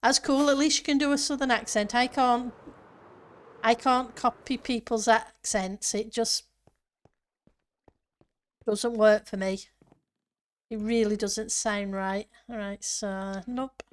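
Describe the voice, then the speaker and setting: A woman's voice: on the high side, fairly even intonation, takes it slowly, long pauses. A woman streamer chatting casually with her viewers and answering chat while she plays a building game. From northern part of her country.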